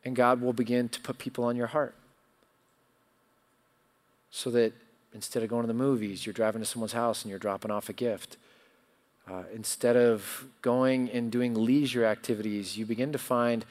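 A middle-aged man preaching a sermon. He moves from loud, emphatic declarations to quiet, confiding stories. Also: mid-range voice, fairly even intonation, moderate pace, long pauses. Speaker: pastor.

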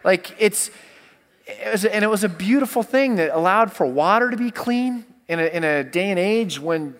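A man's voice: high-pitched, fairly bright tone, long reverb tail. A man who is a college pastor, telling a story in casual talk, rambling with many restarts.

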